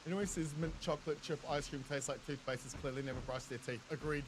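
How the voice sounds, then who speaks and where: A man's voice: medium pitch, fairly even intonation, quick pace, background noise. A man in his thirties with a New Zealand accent, chatting with viewers in casual, jokey gameplay commentary, laughing often and swearing freely. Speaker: game streamer.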